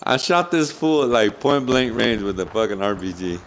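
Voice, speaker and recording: A man's voice: medium pitch, lively intonation, normal speed. A man chatting casually while playing a shooter game, swearing freely and trash-talking other players. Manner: profane, brash trash talk. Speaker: gamer. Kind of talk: casual gaming chat. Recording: gunfire and vehicle noise.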